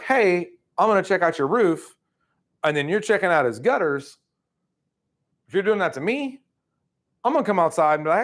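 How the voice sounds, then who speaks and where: A middle-aged man leading a sales training, telling stories casually and acting out quoted lines with sudden jumps in pitch. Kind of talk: casual training talk with storytelling.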